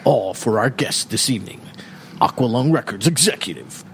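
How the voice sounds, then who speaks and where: A man's voice: mid-range voice, moderate pace, a faint crowd, a little hiss or hum. A man hosting a radio show in a studio, joking and laughing often between announcements. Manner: jokey, laughs often, lively announcer delivery. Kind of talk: casual studio radio chat.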